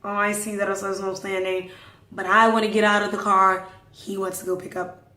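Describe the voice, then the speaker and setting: A woman in an animated, casual storytelling mode, acting out conversations and slipping into hushed asides. Her voice sits in a middle register. The recording has a noticeably roomy echo. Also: medium pitch, moderate pace. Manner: animated, acts out dialogue, drops to hushed asides. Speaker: podcast host.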